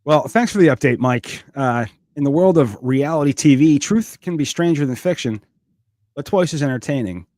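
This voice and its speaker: Man, podcast co-host, joking banter, lively swooping pitch, slightly high voice, dry close sound. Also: moderate pace, dry recording. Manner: joking, animated, playful voice impressions. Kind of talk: casual comedic podcast banter.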